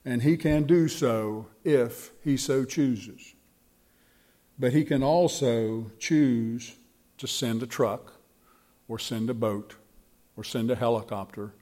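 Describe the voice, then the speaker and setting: A man preaching a sermon and telling a story with slow, emphatic delivery. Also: medium pitch, warm tone.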